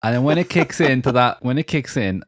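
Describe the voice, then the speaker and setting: A young Welsh man with a Welsh accent, co-hosting a casual music podcast, animated and laughing often. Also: medium pitch, brisk, no room sound, clean studio sound. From Wales. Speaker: podcast co-host. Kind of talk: casual chat about music.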